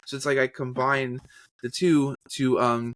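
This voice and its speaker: A man telling stories in a casual interview, animated, often slipping into trailer-style and character voices. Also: mid-range voice, measured pace, no echo. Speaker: podcast guest, voice actor and journalist.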